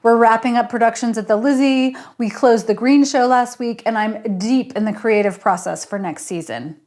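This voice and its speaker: A woman reading aloud, speaking as a polite, guarded and quietly sarcastic male theater director in her own voice. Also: on the high side, moderate pace, natural voice. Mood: wry. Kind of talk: audiobook character reading.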